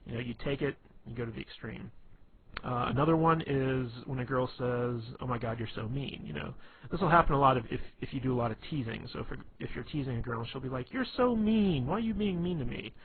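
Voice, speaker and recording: A man's voice: medium pitch, fast. A man giving casual dating advice, rambling with lots of fillers, restarts and "you know". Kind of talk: casual instructional talk. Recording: tinny phone-quality recording with faint hiss.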